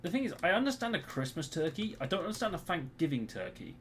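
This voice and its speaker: A British man talks through a live game in a lively, swooping voice, cursing and complaining about his teammates as he plays. His tone rises and falls a lot. A faint clack of typing sits under his voice. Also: high voice, quick pace, slight background noise. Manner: swears and grumbles at teammates. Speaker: streamer. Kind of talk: live gameplay commentary.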